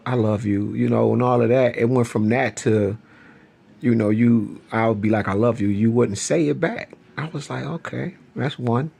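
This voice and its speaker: A man's voice: medium pitch, creaky, slightly rough. A man talking emotionally to the camera about a partner who turned on him, pleading and repeating himself. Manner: pleading, emotional, repetitive address to an ex.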